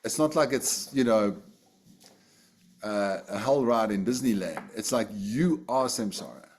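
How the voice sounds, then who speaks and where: A man leads a Buddhist class online via video call, speaking casually with fillers and frequent restarts. He has a lowish voice, talks a little slowly, and there's slight hiss or hum in the background.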